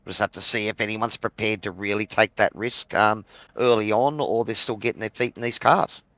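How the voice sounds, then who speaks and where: A man's voice: lowish voice, steady tone, fairly quick, fairly bright tone, dry recording, lo-fi sound. An Australian man co-commentating a sim race, giving easygoing analysis.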